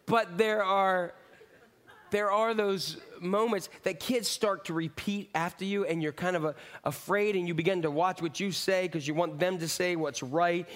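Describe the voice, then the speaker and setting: Conversational middle-aged pastor, fairly high voice. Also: male voice, fairly even intonation, normal speed, a bit bright. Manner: conversational, rambling with asides and jokes. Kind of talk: sermon.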